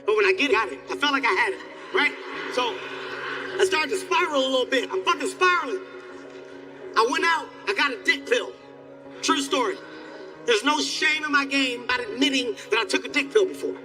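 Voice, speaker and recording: A man doing profane, animated stand-up storytelling on stage, jumping into squealing character voices. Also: very high-pitched, a little fast, over music. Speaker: stand-up comedian. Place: comedy stage.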